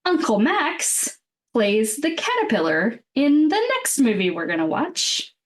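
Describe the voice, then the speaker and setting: A woman's voice: on the high side, big pitch swings, unhurried. A woman co-hosting a podcast in casual chat, joking, swearing freely and laughing often. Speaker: podcast co-host.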